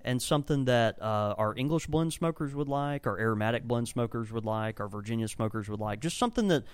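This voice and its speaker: A man's voice: medium pitch, expressive, brisk, clean tone, no room sound. A man co-hosting a casual podcast from a tobacco shop, talking enthusiastically and rambling through descriptions. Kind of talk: casual chat.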